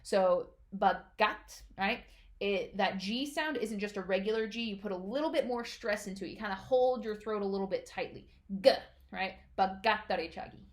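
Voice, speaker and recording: A woman teaches martial arts terms at a brisk clip, speaking quickly. She explains things patiently and keeps checking in with her students. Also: mid-range voice. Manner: patient, checks in with frequent "all right?". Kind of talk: instructional explanation.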